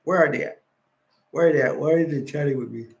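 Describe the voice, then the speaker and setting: A man's voice: on the high side, quick pace, vocal fry. A tired man hosting a late-night livestream, rambling casually and reading chat messages and wiki text aloud. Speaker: livestream host.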